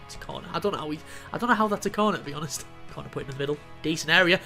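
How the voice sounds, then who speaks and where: Excitable young man commentating gameplay. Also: on the high side, rapid-fire, creaky, soft background music. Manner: excitable, swears, commentates play-by-play. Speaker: gaming YouTuber. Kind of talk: casual football game commentary.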